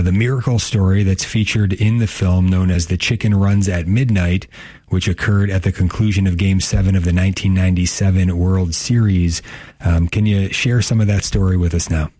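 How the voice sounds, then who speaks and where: A man hosting an interview, asking a guest steady questions drawn from notes. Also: low voice, normal speed, dry recording. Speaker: host.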